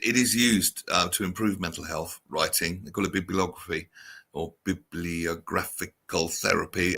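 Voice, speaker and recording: Chatty male host, gravelly, husky, lowish voice. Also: sharp tone. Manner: chatty, reads out viewer comments. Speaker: show host. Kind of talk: casual chat show.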